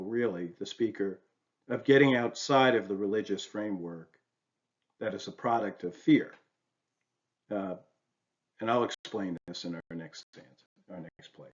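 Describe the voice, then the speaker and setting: A man's voice: on the low side, highs cut off. A man giving a recorded university lecture on poetry, talking it through with many rhetorical questions and "right?" checks. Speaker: literature lecturer.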